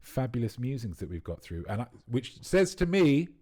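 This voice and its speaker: A man's voice: mid-range voice, sing-song, moderate pace, mellow. A man hosting a quiz livestream, riffing playfully and at length on viewers' answers. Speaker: quiz host.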